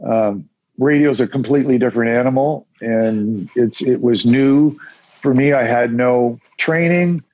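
In a mid-range voice and a slightly slow delivery, a former radio announcer turned musician tells loose, casual stories as an interview guest, mimicking the people he quotes. The lo-fi recording has no echo.

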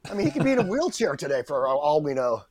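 A middle-aged man, a guest actor, telling stories on a podcast in an animated, self-deprecating way. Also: a little high, very fast, dry recording. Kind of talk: anecdotal storytelling.

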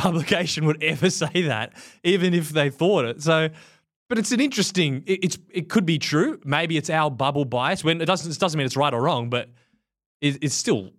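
Australian man, slightly high voice, relaxed, laughing as he talks, podcast co-host. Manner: relaxed, laughs mid-sentence. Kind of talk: casual chat.

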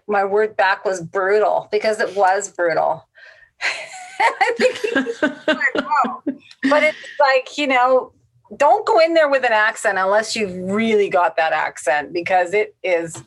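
A woman's voice: medium pitch, fairly bright tone. A woman and casting director in a casual interview, talking bluntly and directly. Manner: blunt, straight-shooting.

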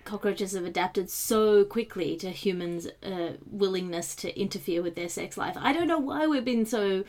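A woman's voice: mid-range voice, normal speed, darkish tone. A woman hosting a comedy podcast, introducing news items with wry puns. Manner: wry, punny delivery.

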